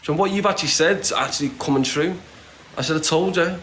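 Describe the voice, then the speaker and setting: A man's voice: a little high, brisk, fairly bright tone, slight background noise. A man talking bluntly and casually in an interview, swearing freely and rambling with many restarts. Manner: blunt and streetwise, swears freely, says "lad" often. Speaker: interview guest. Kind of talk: casual conversation.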